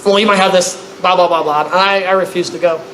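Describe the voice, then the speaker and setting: A man tells a funny story to a crowd at a convention panel, his voice high and bright. He bursts into loud, shouted impressions of the people in his tale. The room around him is echoey, with faint hiss underneath. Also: fast. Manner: animated, acts out others with loud high-pitched outbursts. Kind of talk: comedic storytelling to a live audience.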